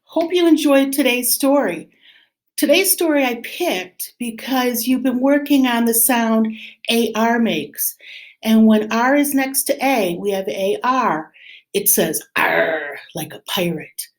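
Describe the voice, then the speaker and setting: A woman teacher reading a picture book aloud to children in an expressive, animated way. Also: fairly high pitch, echoey room. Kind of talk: read-aloud story time for children.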